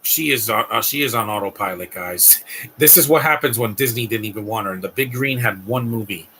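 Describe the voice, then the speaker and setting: A man's voice: fairly low pitch, a little fast, sharp tone, slight background noise, rough recording. A man hosting a live stream, giving a blunt, ranting movie reaction commentary with frequent restarts.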